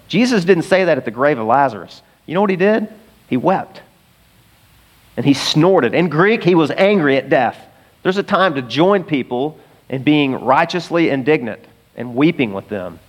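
A middle-aged minister gives an animated sermon as if chatting, with side remarks to the congregation. He speaks at a fairly high pitch.

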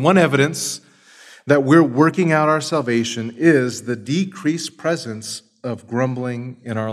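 A man preaching a sermon as pastor, emphatic and building up force as he lists point after point. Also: mid-range voice.

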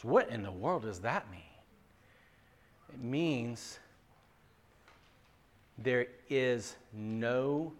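A male pastor preaching a sermon in an earnest way, often repeating words and moving between loud emphasis and quiet asides. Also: mid-range voice, lively intonation, very slow, long pauses.

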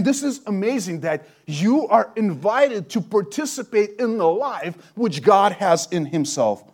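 Animated male preacher. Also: fairly high pitch. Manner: animated preaching, quoting scripture, rhetorical questions. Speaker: pastor. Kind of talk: sermon.

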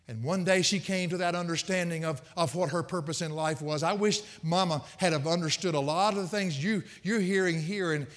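A male pastor preaching a sermon, an animated, folksy storyteller with humorous asides. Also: on the high side. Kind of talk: sermon with personal stories. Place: church sanctuary. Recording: long reverb of a church hall.

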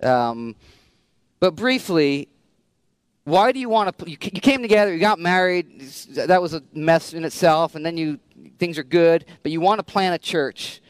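A man's voice: on the high side, expressive, normal speed, clean tone, no echo. A man hosting an online church conversation, talking loosely with fillers. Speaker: pastor hosting a church stream. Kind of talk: casual church talk.

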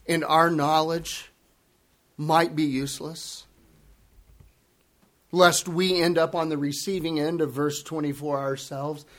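High-pitched guy preaching slow, earnest, hammers his key words. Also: fairly bright tone. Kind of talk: sermon.

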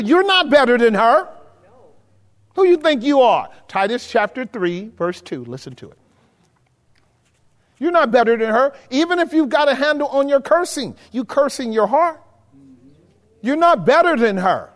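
A man with a very high voice preaches to a live congregation, talking to them directly and checking that they are following along. His sermon rings with a long reverb from a large hall. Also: big pitch swings, measured pace, long pauses. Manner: conversational preaching, checking in with the room. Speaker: pastor. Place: church hall with a live audience.

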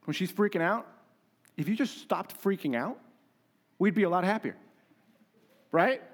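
A pastor preaching a conversational, emphatic sermon with humor and rhetorical questions. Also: male voice, high-pitched, lively intonation, unhurried.

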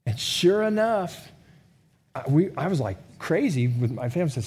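High-voiced male pastor, conversational sermon. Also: very animated, normal speed, darkish tone, slightly rough. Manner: conversational, self-deprecating humor, rhetorical questions.

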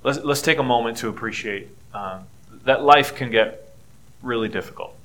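Middle-aged male pastor, conversational sermon delivery, bright and forceful tone. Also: mid-range voice, moderate pace. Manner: earnest, conversational preaching with rising emphasis.

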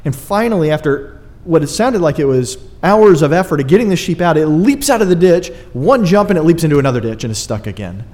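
A man's voice: a little high, sing-song, fairly quick, hardly any pauses, darkish tone, big-room sound. A man preaching a sermon, earnest and emphatic, with dry asides to his congregation. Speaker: pastor.

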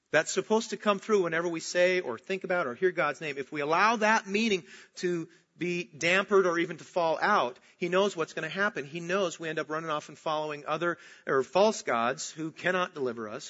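A man preaching a sermon, moving between animated storytelling and soft, earnest emphasis. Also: a little high, dull audio. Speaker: pastor.

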